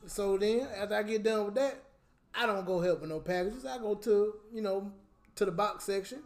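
Animated man telling a heated story. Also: high-pitched, moderate pace, faint music behind. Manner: animated, heated, laughing as he tells. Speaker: podcast co-host. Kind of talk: casual storytelling chat.

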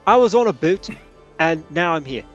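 A man's voice: fairly high pitch, expressive, moderate pace, muffled recording, soft background music, voice pushed up, close to an everyday voice. A man voicing a rambling male tavern keeper with a put-on South African accent, vague and stammering. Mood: flustered.

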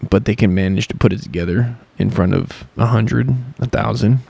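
A man's voice: fairly low pitch, moderate pace, gravelly, a little mellow, slightly rough, no echo. A man hosting a podcast, rambling sarcastically and swearing constantly. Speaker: podcast host. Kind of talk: casual profane monologue.

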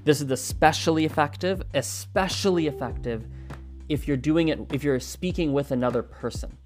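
An animated language-learning host explains a study method in a relaxed, conversational lesson, with a voice sitting in a middle pitch. The talk keeps slipping into little acted-out learner dialogues, with words repeated mid-thought. Faint music plays softly behind the voice. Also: moderate pace.

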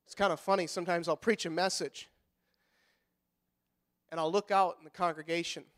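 A middle-aged pastor preaching a sermon in a folksy manner, rising to loud fervent passages and dropping to quiet, soft-spoken stretches. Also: male voice, on the high side, fairly even intonation, moderate pace. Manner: folksy, repeats words when fired up.

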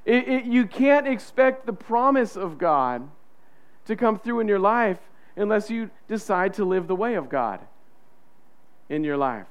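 High, clear-voiced male pastor. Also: very animated, measured pace. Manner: conversational, acts out quoted inner voices. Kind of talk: sermon.

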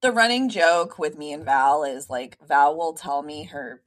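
A woman's voice: deep voice, measured pace. A woman co-hosting a casual podcast who talks bluntly, teases her co-host and laughs easily. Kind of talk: casual chat.

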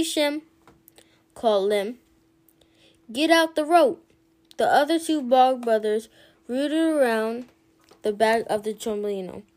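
Lady reading a kids' storybook real slow, kinda high voice, lots of expression. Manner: slow, expressive read-aloud, lifting her voice for characters. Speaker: storybook reader. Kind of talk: reading a children's picture book aloud.

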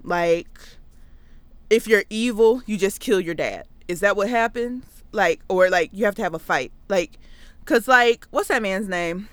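A woman's voice: medium pitch, measured pace, no echo. A young woman hosting a casual comedic film review from a basement podcast setup, sassy and playful, with sudden whooping outbursts. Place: basement home studio.

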